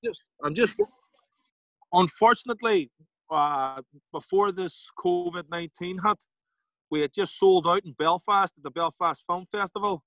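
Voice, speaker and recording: Animated Derry-accented man telling stories. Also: high voice, moderate pace, no room sound, poor audio. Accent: Derry Northern Irish. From Northern Ireland. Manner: animated, acts out quoted voices, swears casually. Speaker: podcast guest. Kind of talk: casual storytelling interview.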